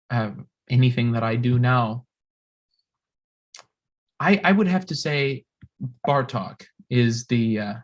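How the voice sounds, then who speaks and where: A young man, a composer, giving a recorded music history lecture with many fillers and restarts. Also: mid-range voice.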